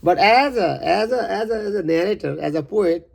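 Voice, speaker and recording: Gravelly man explaining his own poem. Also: high-pitched, animated. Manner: halting, rambling asides between verses. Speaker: poet.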